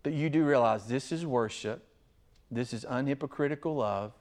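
A man preaching an expository sermon as pastor, earnest and emphatic, swinging between loud stressed phrases and quiet asides. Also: mid-range voice, moderate pace.

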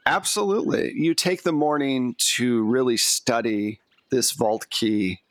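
A man who is the game master, narrating a tabletop role-playing game in a measured storytelling manner. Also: medium pitch, no echo.

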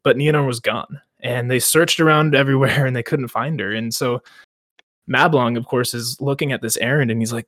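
Animated young man retelling a story. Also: medium pitch, fairly quick, no room sound, clean studio sound. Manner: animated storyteller, retells with mock quotes and laughs. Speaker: podcast co-host. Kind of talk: casual book discussion.

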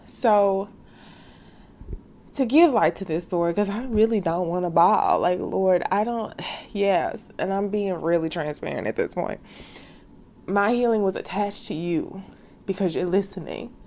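A woman's voice: mid-range voice, a little slow, a little mellow. A woman hosting a devotional podcast who talks straight to her listeners in a slangy, heartfelt way. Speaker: faith podcast host. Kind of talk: casual devotional podcast monologue.

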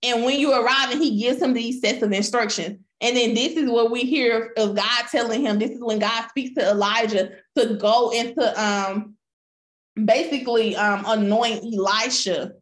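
A woman preaching a sermon, retelling scripture with lively voiced quotes and calling out to her listeners as y'all. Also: a little high, moderate pace. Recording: roomy echo.

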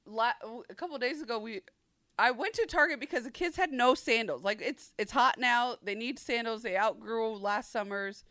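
Woman co-host, lively story-teller, higher voice, dry close sound. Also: normal speed, no room sound. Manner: animated storyteller, acts out quotes, laughs often. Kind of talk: casual chat.

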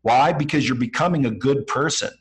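Here a man of medium pitch talks briskly, though the recording is rough. As a podcast guest, he gives motivational advice casually, bluntly and in slang, acting out lines of dialogue mid-conversation.

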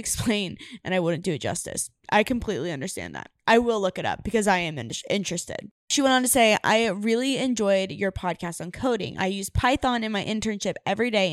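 A young woman hosting a science podcast in casual chat, talking fast and giggling often with lots of "like". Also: mid-range voice, no room sound, studio quality. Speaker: podcast host.

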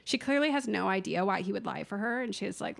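Woman podcast co-host with a gravelly edge who tells the plot with animated energy and acts out the quotes. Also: medium pitch, fast talker. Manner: animated storytelling, acts out the film's lines. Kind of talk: casual movie recap chat.

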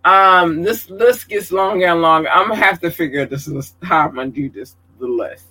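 A man giving casual livestream shout-outs to viewers, effusive and affectionate, calling them babies and swearing casually. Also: fairly high pitch, normal speed, breathy edge, low-quality recording.

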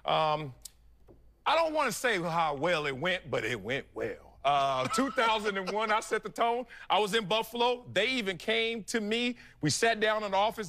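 A man's voice: high voice, brisk. A man who is a former football player, analyzing on a sports talk show and telling stories from his own career. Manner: storytelling, animated, laughing asides.

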